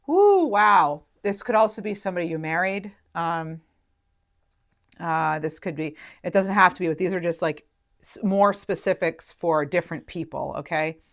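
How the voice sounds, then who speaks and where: A woman's voice: fairly low pitch, lively intonation, moderate pace. A woman giving an intuitive tarot reading to her viewers, chatty and emotional, thinking aloud with many fillers. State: near tears at moments. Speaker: tarot reader.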